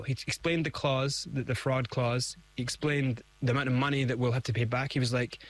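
A man's voice: mid-range voice, fast talker. A middle-aged man, a guest in an interview, telling his story with animation and acting out the voices he quotes. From Scotland.

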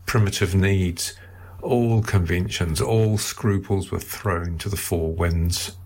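A man reads a novel aloud in a measured, steady way, his voice very deep and gravelly. He speaks slowly, with a husky grain to the tone. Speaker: narrator. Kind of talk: audiobook reading of a novel.

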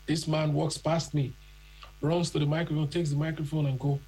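A man's voice: on the high side, normal speed, slightly rough, low-quality recording. A man from Nigeria telling his own story in an interview, acting out the voices of people he met. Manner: animated, acts out other people's voices.

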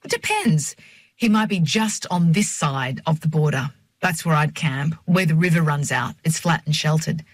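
A woman's voice: low-pitched, animated, normal speed, no echo. A narrator voicing a chatty young woman working as a store cashier, speaking in a breezy, matter-of-fact way. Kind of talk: audiobook character voice.

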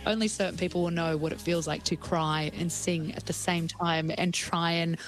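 A woman's voice: on the low side, fairly even intonation, normal speed, rough recording. A woman in her thirties with an Australian accent, telling her own story in a chatty way, full of fillers and acted-out bits of dialogue, as an interview guest. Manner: chatty, frequent fillers, acts out remembered dialogue. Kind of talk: casual personal storytelling.

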